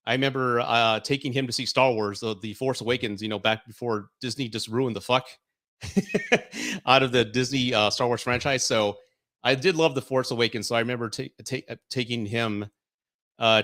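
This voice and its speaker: A man's voice: medium pitch, bright, forceful tone. A middle-aged man hosting a live stream, chatting openly and heartfelt, rambling with many restarts. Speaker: YouTube host answering live chat. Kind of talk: casual live-stream chat.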